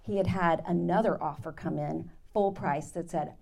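A woman Bible teacher giving an animated, dramatic testimony to her class, with laughs. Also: on the low side, moderate pace, creaky. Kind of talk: sermon storytelling.

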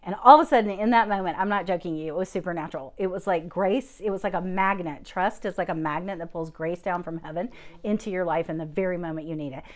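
A woman's voice: fairly low pitch, quick pace. A middle-aged woman giving a testimony into a handheld microphone, telling her story with laughter and acting out the voices of the people in it, then leading a prayer. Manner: lively, laughing, acts out quoted voices. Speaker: guest speaker giving a testimony.

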